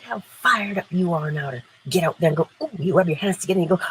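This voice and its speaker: A woman's voice: lowish voice, expressive, fast, few pauses, slight background noise, rough recording. A woman hosting an inspirational morning livestream, playful and emphatic, laughing often and answering viewers in the chat. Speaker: livestream host.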